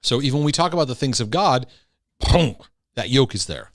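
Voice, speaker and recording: A middle-aged man giving a casual Christian teaching talk on anxiety and intrusive thoughts, chatty and animated, often acting out little voices and ending points with "right?". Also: mid-range voice, fairly quick. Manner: conversational, acts out voices with tag questions.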